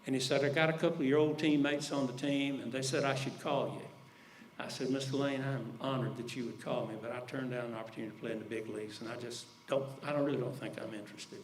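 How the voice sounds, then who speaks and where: An older man, telling folksy stories in a speech and dropping his voice low when he quotes others. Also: fairly even intonation, fast talker, slight background noise. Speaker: speaker at an alumni event. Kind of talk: storytelling speech.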